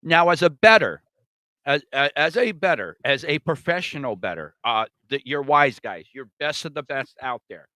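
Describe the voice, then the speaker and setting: A man co-hosts a sports podcast with a bright, forward voice that moves up and down a lot as he adds betting figures. His pitch sits in the middle. The recording is dry and close. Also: very animated, normal speed, no echo. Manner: brief agreeing backchannels, adds betting stats. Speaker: podcast co-host. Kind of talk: casual sports betting chat.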